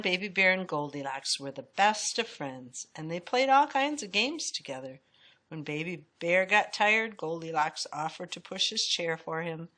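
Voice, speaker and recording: A woman reading a children's story aloud with an expressive, swinging storytelling delivery. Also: deep voice. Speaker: storybook reader.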